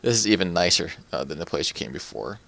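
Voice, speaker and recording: A man's voice: low voice, animated, quick pace, gravelly, bright, forceful tone, no echo. A man narrating as game master in a tabletop game, loose and chatty with lots of filler words. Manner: loose and chatty, full of "like" and "kinda".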